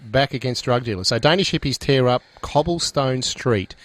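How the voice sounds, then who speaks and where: A man's voice: mid-range voice, moderate pace, fairly bright tone, no room sound. A man co-hosting a radio show, easygoing and chipping in with short replies and casual comments. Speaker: radio co-host. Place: radio studio.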